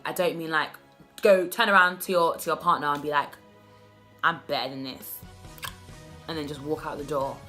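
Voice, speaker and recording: A young woman in her twenties speaks earnestly to her viewers in a personal vlog. Her voice sits on the low side for a woman, and she often trips and restarts mid-sentence. Faint music plays underneath. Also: sharp tone. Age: 20s. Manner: earnest, direct address with many restarts. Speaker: vlogger. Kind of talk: heartfelt self-love vlog talk.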